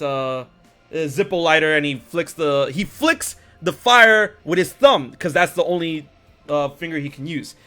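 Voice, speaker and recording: Male podcast host, bright high voice, animated storyteller who swears a lot. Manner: animated storyteller, acts out characters, swears freely. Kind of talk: casual chat, retelling anime scenes.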